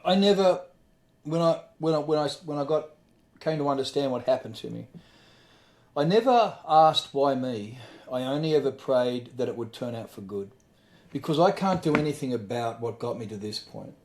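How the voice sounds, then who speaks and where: A man's voice: mid-range voice, expressive, normal speed, darkish tone. Earnest Australian man, echoey room. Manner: earnest, emphatic, blunt with swearing. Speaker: podcast guest. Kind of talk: candid conversation.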